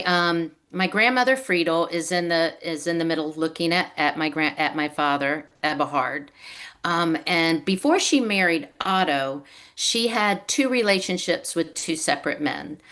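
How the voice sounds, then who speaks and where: A woman's voice: deep voice, a bit bright. A woman author speaking over a video call, telling her family's story in a storytelling way and acting out what her relatives said. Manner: storytelling, acts out quoted relatives. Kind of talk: reading prepared remarks on a video call.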